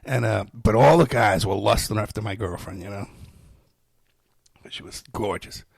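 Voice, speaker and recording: A man's voice: lowish voice, normal speed, vocal fry, husky, dry recording, studio quality. A man telling personal stories in a rambling, casual way, laughing between lines and using many fillers. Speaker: storyteller. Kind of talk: casual storytelling.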